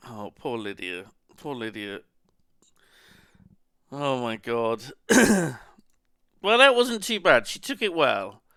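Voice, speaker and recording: A man's voice: mid-range voice, very animated, slow pace, long pauses, bright, forceful tone, clean tone, no echo, clean studio sound. A man chatting casually on a live stream, rambling and muttering to himself as he browses.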